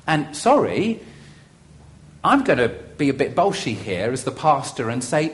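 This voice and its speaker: A man preaching a sermon as pastor, measured and emphatic with deliberate pauses. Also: mid-range voice, sing-song.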